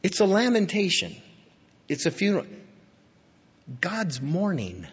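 A man preaching a sermon with deep feeling, his voice going from hushed to emphatic. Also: wildly swooping pitch, unhurried, husky. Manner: emotional, swinging from hushed to emphatic. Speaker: pastor. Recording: dull lo-fi sound with long hall reverb.

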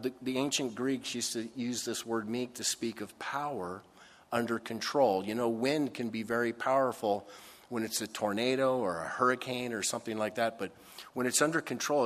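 A man preaching a sermon, slow and emphatic, swinging between loud stressed phrases and soft, low asides. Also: in a large hall. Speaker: pastor.

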